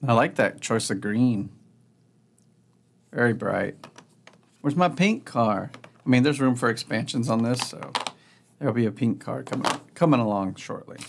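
A man's voice: medium pitch, lively intonation, normal speed, vocal fry, long pauses, slight background noise. A man hosting a board game channel, giving casual, upbeat unboxing commentary and thinking aloud as he goes.

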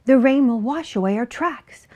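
A woman's voice: on the high side, animated, moderate pace, warm tone, lightly acted. A woman voicing a brave, bossy male farm dog who talks in a barking, commanding way for a children's storybook.

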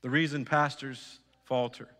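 A man's voice: medium pitch, steady tone, measured pace, pushed and bright, big-room sound. A man preaching a sermon as pastor, earnest, repeating phrases and putting direct questions to his congregation. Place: church sanctuary.

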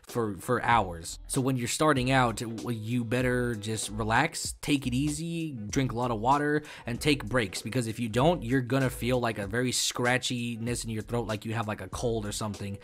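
A young man in his twenties runs a casual tutorial on his gaming channel. He rambles, swears freely and stumbles over his words, packing his talk with fillers. His voice sits at an average pitch. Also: moderate pace, hardly any pauses. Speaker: YouTube gaming host.

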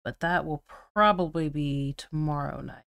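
A woman's voice: low voice, normal speed, gravelly, fairly bright tone, smooth, no echo, studio quality. A woman co-hosting a live miniature painting stream, chatting casually while she paints and gets absorbed in fine details.

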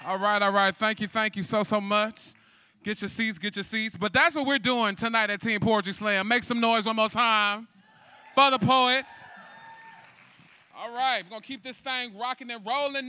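A man's voice: sits high, steady tone, normal speed, sharp tone, clean tone, no echo. A man emceeing a poetry slam on a theater stage, doing playful hype crowd-work with teasing asides. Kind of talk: live event hosting.

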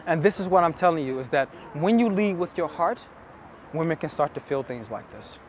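A man's voice: on the high side, expressive, a little fast, a little hiss or hum. A man coaching on dating, telling stories to camera in an earnest, intimate way, repeating phrases for emphasis. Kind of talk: casual storytelling to camera.

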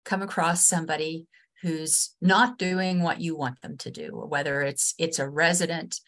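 A woman with a West Virginian accent, a state ombudsman and trainer, gives a webinar lesson over a video call. She sounds earnest and halting, with many restarts and fillers, in a deep, steady, slightly bright voice.

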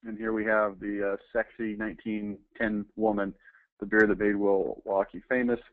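A man's voice: on the low side, flat delivery, normal speed. A man giving casual commentary while reading aloud, talking in an offhand way with hesitant fillers. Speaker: presenter reviewing old ads. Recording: dry, tinny phone-like sound.

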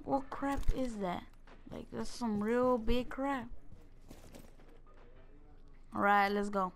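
A young woman giving casual, excitable gameplay commentary, joking and talking straight to her viewers. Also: on the high side, takes it slowly. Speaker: gaming video creator.

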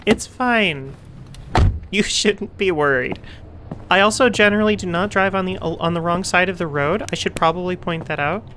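A woman's voice: fairly low pitch, brisk, noisy background. A woman casually commenting while she plays a video game, goofy and chatty, joking with the characters. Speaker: game streamer. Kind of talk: let's play commentary.

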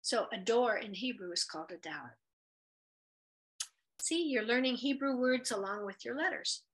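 A woman teaching a Hebrew letters lesson, patient and encouraging, sounding out each letter and vowel slowly. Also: on the high side, lively intonation, a bit bright. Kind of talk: children's lesson at a whiteboard.

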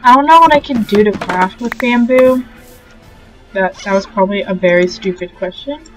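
A young woman hosting a casual let's-play, gushing and excitable as she talks to the animals in the game. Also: medium pitch, moderate pace, low-quality recording. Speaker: gaming channel host. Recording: faint game music behind.

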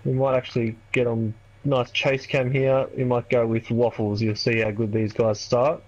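A man giving relaxed, analytical color commentary on a sim race, with some teasing asides. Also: medium pitch, normal speed, dull audio.

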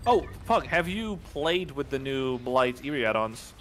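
A man giving enthusiastic color commentary on a competitive video game, with quick exclamations. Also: medium pitch, lively intonation, music in the background. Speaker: esports co-caster.

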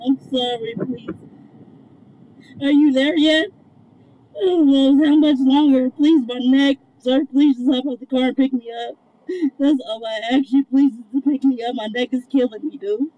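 A woman's voice: sits high, steady tone, moderate pace, mellow, highs cut off. A young woman in pain, crying and begging over and over from the back of a moving police car. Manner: begging, repeating herself. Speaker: detained woman.

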